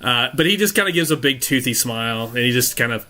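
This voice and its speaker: A man's voice: medium pitch, animated, fast, few pauses, sharp tone. A man narrating as game master of a tabletop game, loose and chuckling as he describes the scene.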